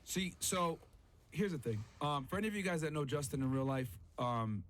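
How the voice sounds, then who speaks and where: High-pitched man on a profane rant. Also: normal speed, a bit bright. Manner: heated, profane ranting; emphatic, repeats phrases. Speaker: podcast host. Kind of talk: reaction commentary.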